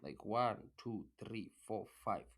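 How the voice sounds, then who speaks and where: A man's voice: on the low side, animated, slow pace, fairly bright tone. A man delivering a casual, repetitive motivational rant about trading, blunt and full of swearing. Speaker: trading content creator.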